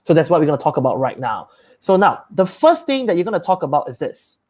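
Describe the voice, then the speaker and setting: A man's voice: on the high side, big pitch swings, fast, a little mellow. Man, sales coach, upbeat and emphatic, hammers his points home by repeating them. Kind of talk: live-streamed sales training talk.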